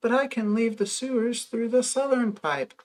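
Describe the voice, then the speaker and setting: A woman voicing a shy, gentle shadow creature who speaks slowly and earnestly. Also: fairly high pitch, fairly even intonation, slight background noise, voice pushed up, lightly acted.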